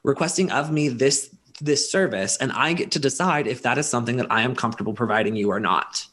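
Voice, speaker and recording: A man's voice: medium pitch, a little fast, fairly bright tone. A man from rural Alabama with a light Southern accent, co-hosting a casual live chat in a chatty, emphatic way. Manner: chatty, emphatic, repeats points.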